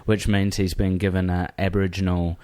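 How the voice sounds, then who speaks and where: New Zealand man telling a lively story. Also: low-pitched, a little fast. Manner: animated, acts out quoted people. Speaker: comedian guest. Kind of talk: casual storytelling.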